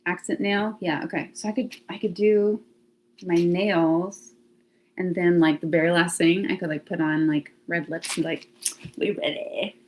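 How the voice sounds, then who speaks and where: A woman's voice: lowish voice, fairly even intonation, moderate pace, darkish tone, a little hiss or hum. A woman hosting a casual livestream from her home, chatting to viewers and thinking aloud with frequent laughs. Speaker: livestream host. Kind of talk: casual live chat to viewers. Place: home, near laundry closet.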